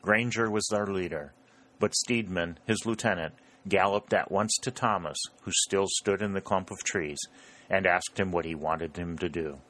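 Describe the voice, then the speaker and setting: A man narrating an audiobook in a very low, deep voice. He keeps an even, measured storytelling pace through the scene. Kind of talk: scripted narration.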